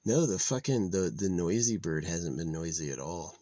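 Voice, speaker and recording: A man's voice: deep voice, expressive, normal speed, mellow, dry recording. A man vlogging outdoors in a rambling, profane, casual monologue that trails off into mutters. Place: outdoors in nature.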